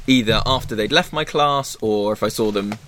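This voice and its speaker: A man's voice: fairly low pitch, normal speed, fairly bright tone, a little hiss or hum. A man, a forest school leader and former teacher, chatting casually in a rambling way and acting out quotes. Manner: rambling, self-interrupting, acts out quotes. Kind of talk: casual chat.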